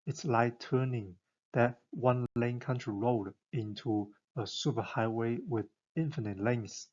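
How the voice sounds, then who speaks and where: A man's voice: medium pitch, measured pace, darkish tone, dull audio. A man giving an enthusiastic, conversational scripted explainer narration, full of rhetorical questions.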